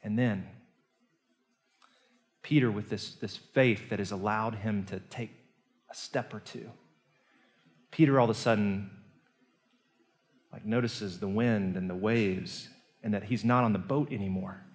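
A male pastor preaching a sermon, telling the story earnestly and moving between hushed and emphatic delivery. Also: lowish voice, fairly even intonation, unhurried, pauses often. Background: soft guitar music.

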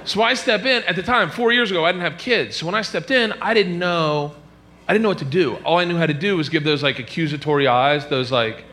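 A man doing a stand-up comedy set, telling stories animatedly and jumping into high squealing character voices. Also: a little fast, heavy background noise. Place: comedy club stage.

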